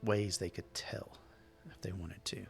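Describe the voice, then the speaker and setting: A man narrating a tabletop game as game master, hesitant and halting but reassuring. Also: deep voice, little pitch movement, gravelly, in a whisper. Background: faint music.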